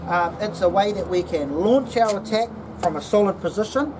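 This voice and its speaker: A woman's voice: medium pitch, lively intonation, moderate pace. A woman giving a casual security training demonstration, often checking in with "okay?". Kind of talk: instructional demonstration. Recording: distant mic with background noise.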